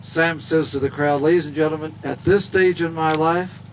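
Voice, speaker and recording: A man's voice: fairly high pitch, steady tone, moderate pace, hardly any pauses, slight background noise. A man giving a humorous, folksy storytelling speech outdoors at a golf event. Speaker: golfer and speaker.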